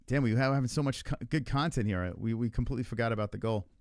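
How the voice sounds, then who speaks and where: A man's voice: mid-range voice, fast talker, a little mellow, dry recording, studio quality. A man hosting a livestream in casual, argumentative chat, swearing freely and rambling with lots of filler words. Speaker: livestream host.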